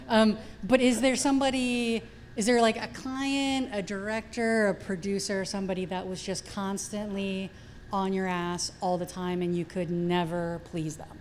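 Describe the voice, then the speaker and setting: A woman's voice: medium pitch, a little hiss or hum. A woman, a creative director, moderating a festival panel and asking chatty questions. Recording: reverberant hall sound.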